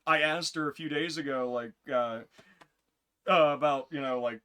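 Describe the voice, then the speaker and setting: A man's voice: normal speed, sharp tone, clear, resonant tone. A man co-hosting a casual podcast, telling long rambling stories and laughing often. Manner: rambling storyteller, jumps into high voices for quotes. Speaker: podcast co-host. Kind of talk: casual chat.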